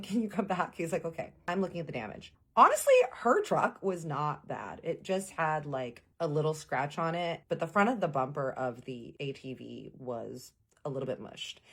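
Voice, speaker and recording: A woman telling a casual storytime to viewers, animated and acting out the quoted lines. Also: sits low, slightly rough. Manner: addresses viewers as "y'all".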